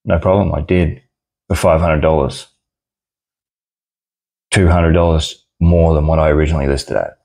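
Deep-voiced blunt Australian man. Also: fairly even intonation, moderate pace, gravelly, pauses often, darkish tone. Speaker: card seller and channel host. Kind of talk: casual ranting commentary.

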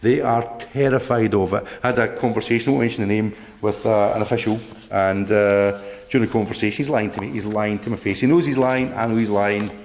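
A man's voice: on the low side, steady tone, fairly quick, darkish tone. A man giving a combative public talk to a local group, blunt and swearing, often asking "right?". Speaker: campaign speaker. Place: meeting room.

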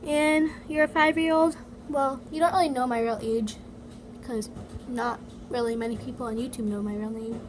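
A female toy vlogger with a fairly high, steady voice chats casually at a moderate pace in her home basement, reading through comments and sprinkling in fillers like "like" and "so yeah." She records on an iPad mini, and the noisy home audio carries the hum of a running heater.

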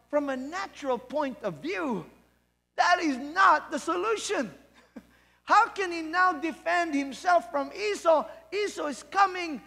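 A male pastor preaches slowly and earnestly, often putting questions to his congregation. His voice is very high, with a gravelly edge and a bright tone. Long reverb from a church hall trails after his words. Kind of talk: sermon.

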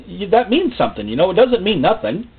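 A man preaching a sermon in a folksy, joking way, acting out little voices and rising suddenly to loud, high outbursts. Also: very animated, quick pace, breathy edge. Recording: tinny phone-like sound.

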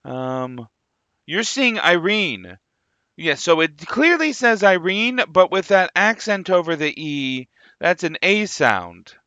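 A man's voice: high-pitched, very animated, takes it slowly, pushed and bright, no echo. A man hosting a gaming video, chatting casually and musing aloud with jokey asides as he plays. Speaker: gaming channel host. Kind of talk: casual gameplay commentary.

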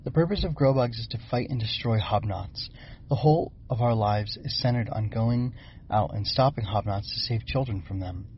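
Man doing pushy young female bug creature, storybook read, gravelly husky tone, dull lo-fi recording. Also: medium pitch, moderate pace, a little hiss or hum, lightly acted. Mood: insistent. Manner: pushy, insistent questioning. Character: young female growbug, eager, argumentative.

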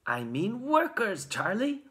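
A storybook reader voicing Grandpa Joe, a kindly old grandfather who tells secrets in hushed, conspiratorial tones. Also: mid-range voice, huge pitch swings, slow, voice pushed up, heavily acted. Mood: telling.

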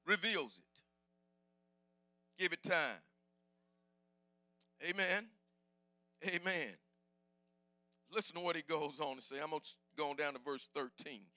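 Shouting, high-voiced, bright male preacher. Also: dry recording, studio quality. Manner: preaching with call-and-response, rising to shouts. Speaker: pastor. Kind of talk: sermon. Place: church sanctuary.

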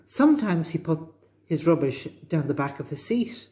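Lively Irish woman reading a storybook. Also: low-pitched, moderate pace. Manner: expressive, animated reading. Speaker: librarian reading to children.

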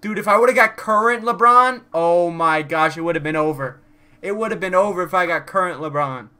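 A young man streaming a pack opening in a casual chat style, begging and groaning and then shouting at the results. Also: high voice, normal speed, clear, resonant tone. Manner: pleading and excitable, swings from chanting to shouting to muttering.

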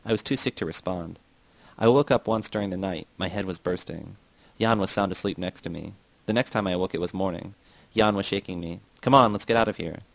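Low-voiced man reading a novel. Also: a little fast, gravelly, no echo, low-quality recording. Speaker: audiobook reader.

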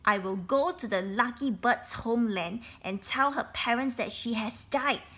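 A woman voicing a foolish, greedy poor woodcutter in a storybook reading, speaking in loud worried exclamations. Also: fairly high pitch, a little slow, slightly rough, full character voice. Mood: dismayed.

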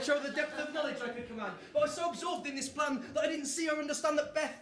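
A man performing a rhyming spoken-word story poem live, with a rhythmic delivery that builds to shouted lines. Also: extremely high pitch. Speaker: performance poet. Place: live venue on stage. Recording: roomy live venue sound.

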